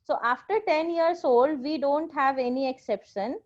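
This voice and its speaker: A woman's voice: high voice, normal speed. A woman with an Indian accent teaching a Japanese class, patiently drilling pronunciation and repeating each word. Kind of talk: classroom language lesson. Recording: dull lo-fi recording.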